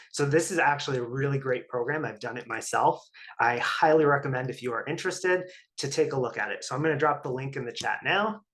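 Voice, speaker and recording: Guy hosting a zoom webinar, even mid voice, reading off his notes. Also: mid-range voice. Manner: steady, reads prepared notes. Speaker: webinar host. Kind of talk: announcements and guest introduction. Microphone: video call.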